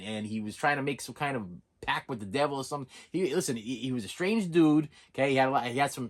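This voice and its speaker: A middle-aged man vlogging casually, telling a story in an animated way and repeating himself for emphasis. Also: mid-range voice. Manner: animated, repetitive, excitable.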